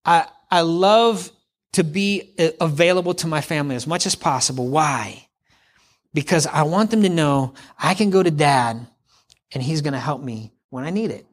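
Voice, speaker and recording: Speaking at normal speed in a voice on the high side, a middle-aged pastor delivers a conversational sermon. He acts out hypothetical quotes and repeats lines to drive points home.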